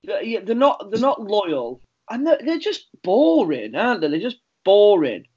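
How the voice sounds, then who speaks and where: A man's voice: sits high, wildly swooping pitch, normal speed, darkish tone, slightly rough, dull audio. A man co-hosting a casual podcast, rambling through easygoing anecdotes and laughing often. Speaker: podcast co-host. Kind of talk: casual chat.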